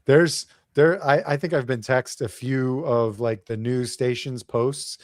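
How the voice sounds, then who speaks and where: A man's voice: mid-range voice, steady tone, measured pace, no room sound. Rambling man, dry close sound. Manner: rambling, loose, swears often. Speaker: podcast co-host. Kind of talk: casual chat.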